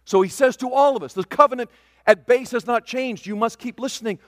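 A man preaching a sermon, swinging from loud declarations to hushed asides. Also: extremely high pitch, a little fast, clean studio sound. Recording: long reverb of a large hall.

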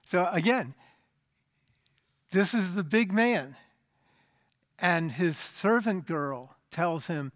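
A man delivers a sermon, explaining scripture with emphasis. His voice sits high for a man and often sinks low and soft at the end of a phrase. The recording is dry and close. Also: expressive, slow, long pauses, no echo. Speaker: preacher.

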